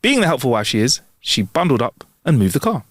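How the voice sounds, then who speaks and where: A man's voice: medium pitch, brisk, no room sound, studio quality. Giggly man swapping jokes. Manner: giggly, jokey, animated banter. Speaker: podcast co-host. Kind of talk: casual joke-swapping chat.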